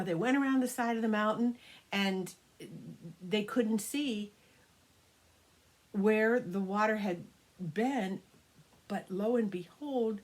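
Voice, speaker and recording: Older woman with a breathy voice, telling a children's tale. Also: on the high side. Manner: animated, drops to hushed whispers for suspense. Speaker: grandmother storyteller. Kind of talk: improvised children's storytelling.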